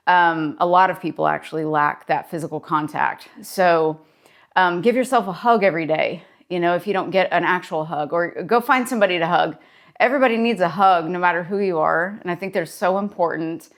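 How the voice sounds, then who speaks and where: Her voice fairly low in pitch, a woman therapist shares a story in a laid-back daily vlog. She sounds chatty and supportive, speaking into a personal mic.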